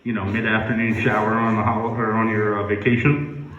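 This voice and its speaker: A man doing a stand-up comedy set at a campground, playfully spelling words out loud for laughs. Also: on the low side, little pitch movement, fairly quick, a little hiss or hum. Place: outdoor campground stage. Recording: echoey, distant, muffled live recording.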